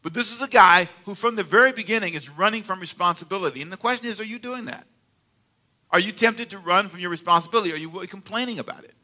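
A man's voice: high voice, fast talker. An older man preaching a sermon as pastor, telling stories with laughs and calling for amens from the congregation. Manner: animated storytelling with laughs and call-and-response. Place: church sanctuary.

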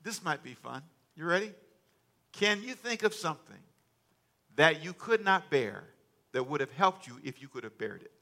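A man, a pastor, preaching a lively sermon and calling out to his congregation for answers. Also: fairly high pitch, moderate pace, gravelly.

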